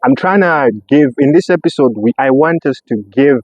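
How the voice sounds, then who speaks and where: A man's voice: fairly high pitch, normal speed, darkish tone, no echo. A man hosting a podcast in casual chat, talking eagerly and backing up his guest with frequent listening sounds. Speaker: podcast host. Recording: slightly muffled, dry.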